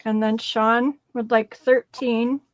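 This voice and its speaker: A woman assisting at a live craft sale, calmly reading out buyers' requests from comments. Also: on the high side, slow pace, no echo, muffled recording. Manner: calm, relays comments.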